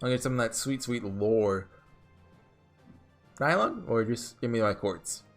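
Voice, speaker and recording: A man's voice: medium pitch, expressive, measured pace, faint music behind. A man giving chatty let's-play commentary, thinking aloud as he plays. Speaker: gamer.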